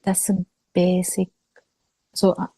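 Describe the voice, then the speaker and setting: A woman giving a slow, halting dharma talk over a video call, pausing often as she explains. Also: lowish voice, monotone, mellow, slightly rough, no echo, rough recording. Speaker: Buddhist teacher.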